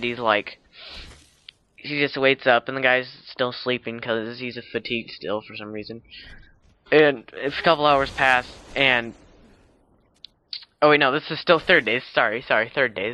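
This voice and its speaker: A man's voice: medium pitch, bright, forceful tone, clear, resonant tone, no room sound, muffled recording. A man casually retelling a film plot, rambling with many fillers and self-corrections. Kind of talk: casual spoken plot summary.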